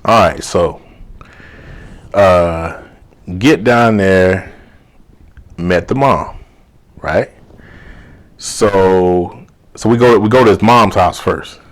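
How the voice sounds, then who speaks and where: A man's voice: sits low, extremely slow, long pauses. A man working as a life coach, telling a personal story casually and acting out the dialogue as he goes. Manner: animated retelling full of quoted dialogue and "you know".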